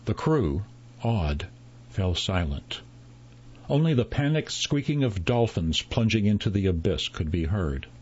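A man narrates a story at a slow, deliberate pace, his voice low and a little husky. The recording sounds slightly dull and lo-fi. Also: lively intonation, a little mellow. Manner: measured, unhurried storytelling with voiced dialogue.

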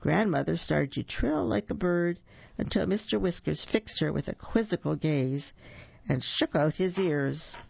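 A storyteller reads a children's story aloud with a gravelly, creaky voice, adding little asides for young listeners. The recording is dull and lo-fi, in a dry room with no echo. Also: medium pitch, unhurried.

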